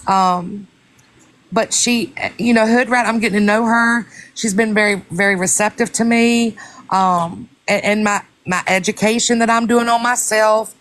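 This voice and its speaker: A woman's voice: medium pitch, steady tone, a little slow, fairly bright tone. A woman hosting a casual live stream chat, emphatic and talking straight to her listeners. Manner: emphatic, swears oaths, addresses listeners as y'all.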